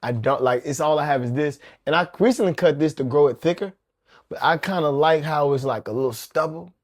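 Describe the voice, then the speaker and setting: Young male podcast co-host, jokey and animated, slightly high voice. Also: fairly quick. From Baton Rouge, Louisiana. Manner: joking, animated, talks over his partner. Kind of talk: casual chat.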